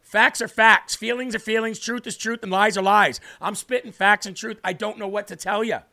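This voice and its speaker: A man's voice: high-pitched, steady tone, moderate pace, gravelly, sharp tone. A man hosting a Christian talk show, speaking to viewers with emphatic, preachy conviction and answering their comments. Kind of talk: impassioned faith talk to viewers.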